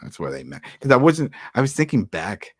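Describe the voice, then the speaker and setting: A man's voice: mid-range voice, a little fast, no room sound, clean studio sound. A man with a heavy Brooklyn New York accent, co-hosting a casual podcast chat and acting out little quotes as he talks. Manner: animated, acts out quotes in shifted voices. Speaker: podcast co-host.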